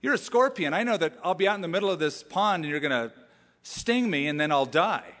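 A wary fable turtle, suspicious and incredulous, played by a preacher. The voice is a bit high and jumps up in disbelief. It carries the long reverb of a large hall. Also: male voice, lively intonation, fairly quick, fairly bright tone.

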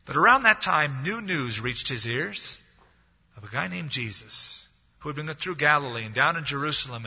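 A man's voice: on the high side, bright, forceful tone, husky. A man preaching a sermon as pastor, telling a story and acting out the voices of the people in it. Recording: dull lo-fi audio, long hall reverb.

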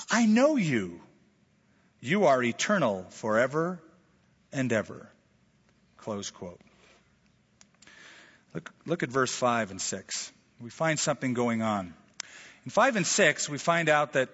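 Recorded in a hall that sounds dull and echoey, a US pastor delivers a sermon in a fairly bright, mid-range voice. He brings his stories to life, performing the voices of the people he quotes.

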